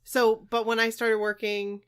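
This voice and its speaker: A woman's voice: a little high, level tone, a little slow, smooth. A woman co-hosting a casual podcast, joking and chatting with her friend. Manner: playful and jokey. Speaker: podcast co-host.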